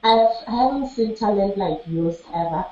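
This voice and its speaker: A woman from South Africa speaking as a fan, earnest and a little halting. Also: medium pitch, lively intonation, mellow. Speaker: fan giving a video message. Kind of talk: personal testimony. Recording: dull, echoey room recording.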